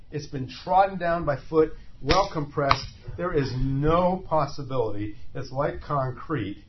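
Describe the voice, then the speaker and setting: A man preaching a sermon, passionate and emphatic, asking his listeners questions as he teaches. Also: mid-range voice. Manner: impassioned, rises to loud emphatic cries; asks the listeners rhetorical questions. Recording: slightly dull lo-fi sound with faint noise.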